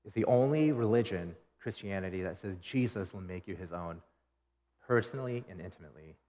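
A man preaching a sermon as pastor, emphatic, swinging between forceful declarations and quiet, intimate asides. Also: low-pitched, lively intonation, a little fast. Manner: emphatic preaching with rising and falling intensity. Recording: long reverb of a large hall.

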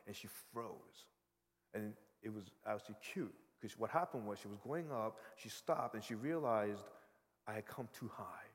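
A man preaching a sermon in an earnest, conversational way, often checking in with "right?". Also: on the low side. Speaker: pastor. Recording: long hall reverb.

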